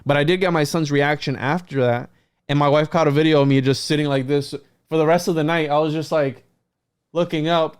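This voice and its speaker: Animated male podcast host, smooth and dry. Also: fairly high pitch, a little fast, no echo. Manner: animated storyteller, quotes people in lively voices, frequent restarts. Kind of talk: casual storytelling to guests.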